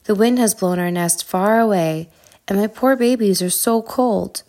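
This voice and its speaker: A woman's voice: medium pitch, unhurried, darkish tone, close to an everyday voice. A woman reading a worried mother mouse. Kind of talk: storybook reading.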